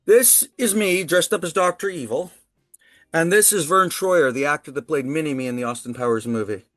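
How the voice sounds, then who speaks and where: A man from Ontario, Canada, a guest telling a story casually over a video call, animated and laughing often. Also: on the high side, normal speed, no echo, clean studio sound, soft background music.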